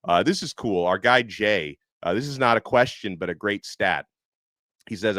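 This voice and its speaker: A man's voice: lowish voice, a bit bright, clean tone, dry recording. A man hosting a sports podcast, chatting through listener questions in a conversational, loose manner. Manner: conversational, many fillers and restarts. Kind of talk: casual sports commentary and listener Q&A.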